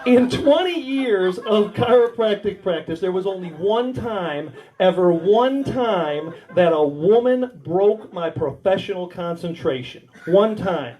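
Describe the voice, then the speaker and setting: A man's voice: high voice, lively intonation, a little slow, hardly any pauses, low-quality recording. A man with an Australian accent doing a crude stand-up storytelling set at a warehouse comedy night. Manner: crude storytelling, acts out quoted voices. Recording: loud live crowd laughter.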